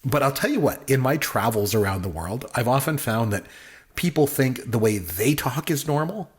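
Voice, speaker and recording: A man co-hosts a casual movie review podcast at a moderate pace, his mid-range voice animated. He rambles enthusiastically about the film, using many fillers.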